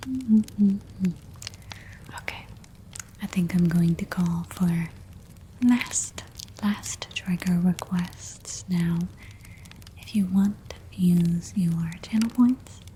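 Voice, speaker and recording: Slow, soft-whispering woman ASMR streamer. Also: mid-range voice, a little hiss or hum. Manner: soft soothing whisper, repeating trigger words.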